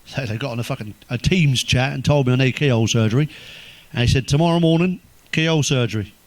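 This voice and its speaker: A man telling crude stand-up jokes, swearing constantly, delivering deadpan one-liners and laughing at his own punchlines. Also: medium pitch, dry recording. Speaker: comedian.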